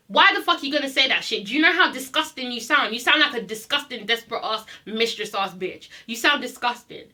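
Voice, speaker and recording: A woman's voice: on the high side, lively intonation, a little fast, few pauses, sharp tone. A woman recapping a reality TV episode in a blunt, sassy rant, swearing freely and repeating herself for emphasis. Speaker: reality TV reviewer. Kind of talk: casual ranting recap.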